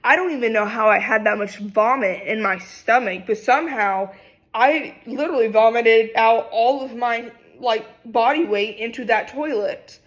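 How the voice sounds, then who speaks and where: Young woman vlogger, fairly high voice, lively storytime delivery with acted-out quotes. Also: moderate pace. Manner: animated, dramatic retelling with acted quotes. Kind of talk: casual storytime.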